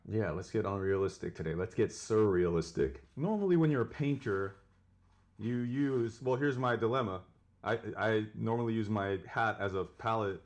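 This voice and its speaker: Young male comic, slightly low voice, earnest rambling painter-guru monologue. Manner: earnest self-help delivery, rambling with restarts. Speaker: comedic painter. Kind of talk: mock painting tutorial monologue.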